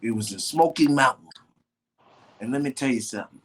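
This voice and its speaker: A man, a guest, telling stories in an animated, slangy way with frequent swearing. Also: mid-range voice, a little fast. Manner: animated, slangy storyteller who swears often. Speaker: guest, professional wrestler. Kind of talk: casual storytelling.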